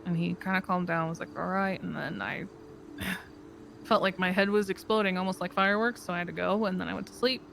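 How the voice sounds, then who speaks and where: A middle-pitched voice tells a long, rambling story in character, quoting other people and breaking into short laughs as it goes. A faint hiss of noise hangs under the speech. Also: fairly even intonation, brisk, gravelly, a bit bright. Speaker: fellow roleplayer. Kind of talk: in-character roleplay chat.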